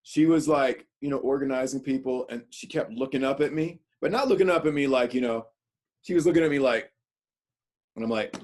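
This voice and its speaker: A man who is a guest actor on a podcast, telling stories in an animated way and laughing often. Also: mid-range voice, a little fast. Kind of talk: casual podcast storytelling.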